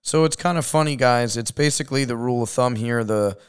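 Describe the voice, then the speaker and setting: A man from Long Island hosting a casual podcast interview, chatty and upbeat, often trailing off quietly. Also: mid-range voice, brisk, smooth. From Long Island, New York. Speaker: podcast host.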